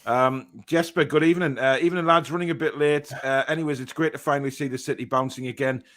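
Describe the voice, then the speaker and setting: A young man hosting a casual fan podcast, reading viewer comments aloud with lots of fillers and quick reactions. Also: mid-range voice, fairly even intonation, fairly bright tone.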